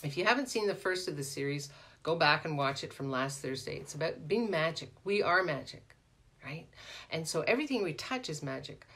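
A middle-aged woman coaching in a casual live stream, animated and chatty, often ending points with "right?" and greeting viewers by name. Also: low voice, brisk. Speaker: life coach hosting a live Q&A.

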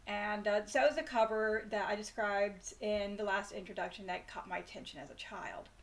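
A woman's voice: medium pitch, steady tone, moderate pace, creaky. A woman hosting a bedtime story channel, chatting casually and self-deprecatingly before reading a chapter aloud. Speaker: storyteller host.

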